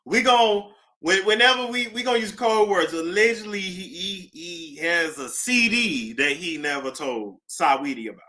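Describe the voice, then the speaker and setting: A woman hosting a casual celebrity gossip talk, animated, with nervous laughter and dramatic gasps. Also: lowish voice, normal speed, few pauses.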